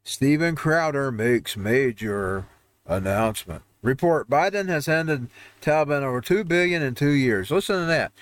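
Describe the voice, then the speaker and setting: A man's voice: medium pitch, expressive, moderate pace. A man hosting a home-made show, ranting over news headlines in a heated, rambling way with frequent restarts. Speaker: host. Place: home newsroom studio.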